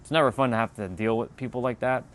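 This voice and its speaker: A man hosting a casual livestream, relaxed and easygoing as he answers chat comments one by one. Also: mid-range voice, fast talker, slight background noise. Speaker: livestream host.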